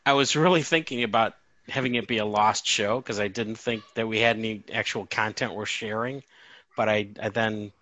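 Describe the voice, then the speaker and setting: A man's voice: on the low side, steady tone, normal speed, bright, forceful tone, dry recording, rough recording. A man hosting a podcast, chatting casually over a video call and often correcting himself as he talks. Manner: rambling, self-correcting. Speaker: podcast host. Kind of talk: casual chat.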